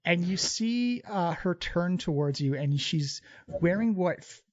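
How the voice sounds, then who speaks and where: A man's voice: high voice, expressive, a little slow, a little mellow, muffled recording. A man narrating a tabletop game as game master in a loose, filler-heavy way.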